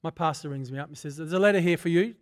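An older man preaching a sermon, moving from prayer into a personal testimony told in a fervent, conversational way that swells to loud bursts. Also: on the high side, racing. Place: church.

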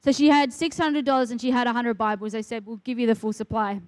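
A woman's voice: on the high side, steady tone, fast talker, no room sound. A middle-aged woman, a ministry worker, telling a faith testimony in earnest conversation and quoting the people she talks about. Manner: earnest storytelling, quotes others.

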